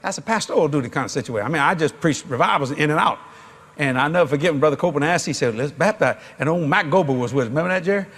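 A man who is a traveling evangelist, telling a comic story in a folksy, animated way, laughing and bursting into shouts. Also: a little high, racing, slightly rough. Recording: noisy background.

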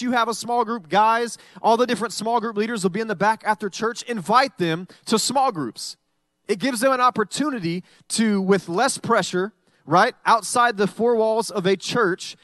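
A man's voice: high voice, fairly bright tone, dry recording, clean studio sound. A male pastor preaching a conversational sermon, often acting out what his listeners might say.

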